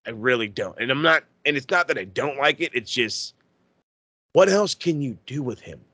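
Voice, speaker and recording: A man's voice: mid-range voice, lively intonation, normal speed, sharp tone, breathy edge, dry recording. A man with an ordinary middle-range voice rants on a podcast, cursing freely and building up steam as he goes. The sound is dry and close, with no room around it. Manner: profane, fired-up ranting. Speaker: podcast host. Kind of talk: casual wrestling podcast rant.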